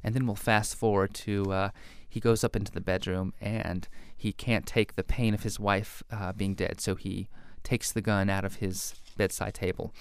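A man's voice: lowish voice, level tone, moderate pace, few pauses, smooth. A young man, a novelist guest in an interview, talking about his writing and laughing at himself as he reads his own early story aloud.

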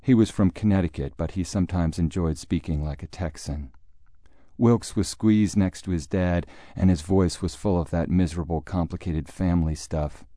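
Deep, dark-voiced male narrator. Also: normal speed, no echo, clean studio sound. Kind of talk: audiobook narration.

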